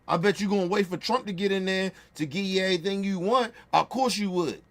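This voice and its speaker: A streamer host, ranting in profane, confrontational bursts, repeating himself as he reacts to news clips. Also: fairly quick. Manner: calms to low wrap-up at the end. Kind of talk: heated reaction rant.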